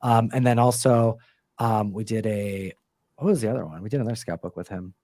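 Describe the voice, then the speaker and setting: A man's voice: on the low side, a little fast, a little mellow, dry recording, clean studio sound. A man chatting casually about his comic book work, rambling with lots of fillers and restarts. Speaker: comic book co-writer and show host. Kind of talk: casual interview chat.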